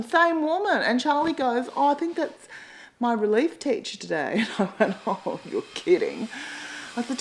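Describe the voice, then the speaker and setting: A comedian and columnist, a middle-aged Australian woman, delivers a fast comic monologue, her pitch jumping wildly as she rambles and pokes fun at herself. She occasionally bursts into loud, sweary outbursts, and the recording is rough.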